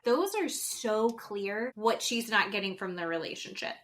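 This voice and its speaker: A woman co-hosting a podcast, chatting casually and acting out quotes in an animated way. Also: fairly high pitch, normal speed, hardly any pauses. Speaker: podcast co-host. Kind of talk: casual chat about a reality show.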